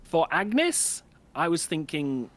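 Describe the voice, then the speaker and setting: Lively, animated rambling man. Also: slow. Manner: enthusiastic, rambling pitch of ideas. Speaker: book club member. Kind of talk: casual chat.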